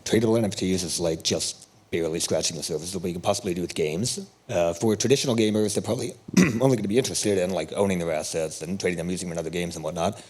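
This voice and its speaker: A man speaking as a panelist on a theater stage, excited and emphatic. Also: sits low, fast talker, husky. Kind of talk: conference panel discussion.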